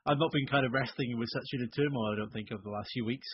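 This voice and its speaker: A man's voice: mid-range voice, very fast, husky, no echo. A man hosting a casual podcast, teasing his co-hosts. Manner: teasing, laughing. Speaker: podcast host. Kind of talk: casual chat. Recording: dull lo-fi sound.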